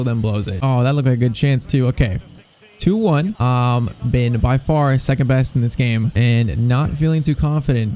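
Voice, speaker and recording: Excitable young man narrating gameplay. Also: mid-range voice, slight background noise. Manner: excitable, talks to the players on screen. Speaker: gaming commentator. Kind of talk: live gameplay commentary.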